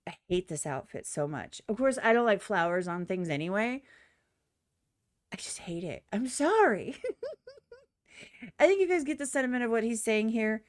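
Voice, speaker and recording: A woman's voice: a little high, expressive, measured pace, long pauses, dry recording. A woman streamer giving blunt, profane reaction commentary on a music video, often mimicking other people in exaggerated voices.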